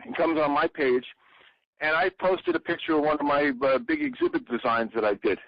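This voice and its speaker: An older man talks through a long anecdote in a rather high voice that swings up and down a lot. His voice is dry and a bit dull, as over a lo-fi call. He acts out the people he quotes. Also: brisk, gravelly, no echo. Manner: animated storyteller, acts out quoted lines in a raised voice. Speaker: interview guest, former bandmate and exhibit designer. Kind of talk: casual interview talk, long anecdotes.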